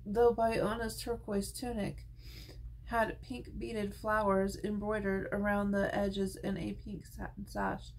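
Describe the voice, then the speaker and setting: A woman reading a novel aloud with a gravelly, creaky voice at a middle pitch. She tells the story in an unhurried, even way. A faint noise hangs under her reading. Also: poor audio. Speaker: audiobook reader.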